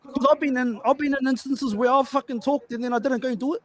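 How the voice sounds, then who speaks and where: A man's voice: very high voice, fairly even intonation, quick pace. A man in his thirties with an Australian accent, co-hosting a podcast in loose, slangy casual chat, swearing and repeating himself. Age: 30s. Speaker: podcast co-host.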